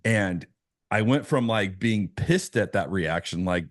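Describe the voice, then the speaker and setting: A man with a very low voice, talking as a pastor on a podcast. He tells his story earnestly, often restarting his phrases. The sound is dry and close. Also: lively intonation, measured pace, no room sound. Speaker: pastor, guest. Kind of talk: conversational podcast interview.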